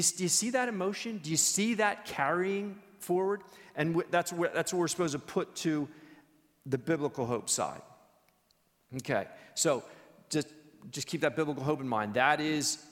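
A man teaching a church Bible study in a conversational, animated storytelling way. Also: a little high, long reverb tail.

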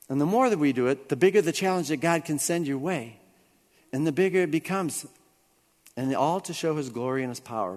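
A man preaching a sermon, telling a personal story with lively swings between hushed and excited delivery. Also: a little high, big-room sound. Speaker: pastor.

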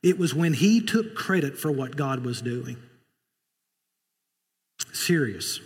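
A man's voice: medium pitch, very animated, slow pace, slightly rough. A man preaching a sermon in a church, with a conversational manner, joking asides and many fillers. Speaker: pastor. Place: church sanctuary. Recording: long reverb of a large room.

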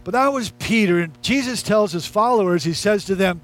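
High-voiced male pastor preaching. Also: animated, moderate pace, soft background music. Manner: conversational, emphatic preaching with repetition. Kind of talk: sermon.

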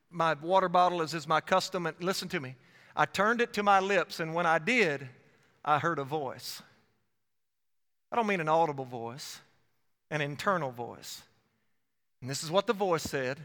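A man with a bright, ringing, fairly high voice preaches an evangelistic sermon, surging loud and then dropping low as he retells his own story. His words carry a long reverb from the church sanctuary where he stands. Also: moderate pace, pauses often. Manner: dynamic preaching with sharp swings in loudness and frequent self-quotation.

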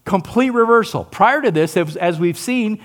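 A man preaching a sermon in a fairly high voice whose pitch swings widely. He questions his listeners, plays out quoted lines, and sinks low and quiet on his weightiest points. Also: normal speed. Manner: animated, asks the listeners questions, acts out quotes; drops low and soft on key lines. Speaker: pastor.

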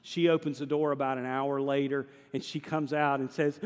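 A male pastor, preaching a sermon with humor and animated storytelling and putting questions to his congregation. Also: fairly high pitch, brisk, hardly any pauses. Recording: long hall reverb.

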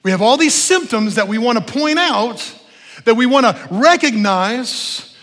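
A middle-aged man preaching a sermon as pastor in a church, animated, telling stories and acting out what people say. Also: extremely high pitch, a little slow. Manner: animated preaching, storytelling with voiced asides. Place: church sanctuary. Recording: long hall reverb.

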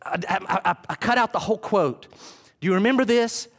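High-voiced animated male preacher. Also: brisk, creaky. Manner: animated, acts out quoted voices. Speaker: pastor. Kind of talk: sermon.

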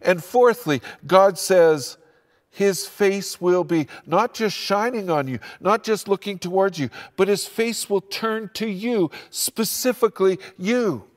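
A man's voice: high-pitched, takes it slowly. An older man preaching an earnest sermon as pastor, building his emphasis as he speaks. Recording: long hall reverb.

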